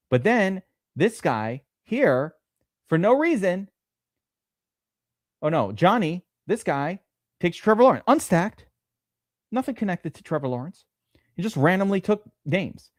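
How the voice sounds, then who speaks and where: Excitable, swearing male draft streamer. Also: a little high, no echo, clean studio sound. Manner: excitable, profane, rambling. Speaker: streamer host. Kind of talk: live-stream draft commentary.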